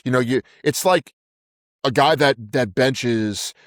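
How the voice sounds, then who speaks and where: A man's voice: medium pitch, slow, fairly bright tone, no room sound, clean studio sound. A man co-hosting a podcast, talking in an emphatic way, repeating words and calling his co-host "dude". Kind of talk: casual chat.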